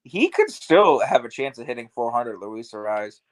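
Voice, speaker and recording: Dude co-hosting a baseball podcast, mid pitch, super casual, says like a lot. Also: male voice, very animated, normal speed, no room sound, low-quality recording. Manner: loose and chatty, lots of "like" fillers. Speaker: podcast co-host. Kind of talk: casual sports chat.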